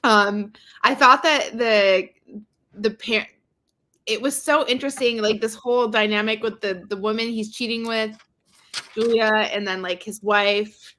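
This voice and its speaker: A young woman with a somewhat high voice chats about a film in an upbeat, easygoing way. She laughs readily as she talks. Her tone is casual and conversational. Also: steady tone, a little slow, sharp tone. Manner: upbeat and chatty, laughs easily. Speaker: co-host. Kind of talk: casual movie discussion.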